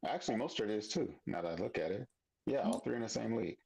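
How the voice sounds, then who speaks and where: A man co-hosting a casual sports chat in a calm, matter-of-fact way. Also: lowish voice, fast talker, gravelly, husky, low-quality recording. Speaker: podcast co-host.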